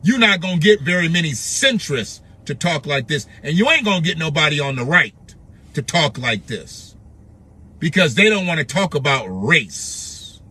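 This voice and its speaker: A man's voice: a little high, big pitch swings, normal speed, bright, forceful tone, husky. A man commenting on news clips in a blunt, sarcastic way, mocking what he hears with repeated questions.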